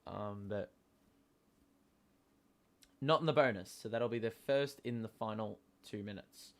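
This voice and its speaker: A man hosting a live basketball watchalong, talking casually with many fillers and sudden excited outbursts. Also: fairly low pitch, a little slow. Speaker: host.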